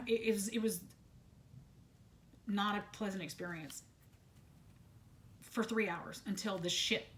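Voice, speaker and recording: A woman speaking unscripted to camera about a personal ordeal, halting with many restarts and repeated words and blunt swearing, while still detoxing from medication. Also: medium pitch, slight background noise. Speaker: vlogger sharing a personal story.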